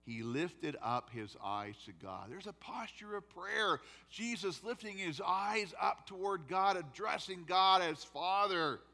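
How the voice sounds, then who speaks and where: A male pastor preaching a sermon and telling a story, swinging between loud emphasis and quiet, soft passages. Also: sits high, animated, unhurried, hardly any pauses, long reverb tail. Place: church sanctuary.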